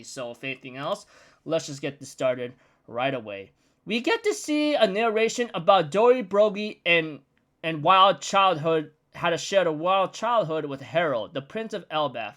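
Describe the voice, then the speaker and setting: Chatty young man with a high voice. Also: lively intonation, unhurried, a bit bright. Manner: chatty, rambling storytelling with frequent "like". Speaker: manga recap vlogger. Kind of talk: casual chapter recap.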